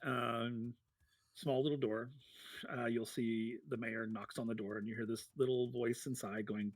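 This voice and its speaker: A man's voice: mid-range voice, moderate pace, sharp tone, no echo. A man narrating a tabletop game as game master, chatty, laughing often and full of fillers.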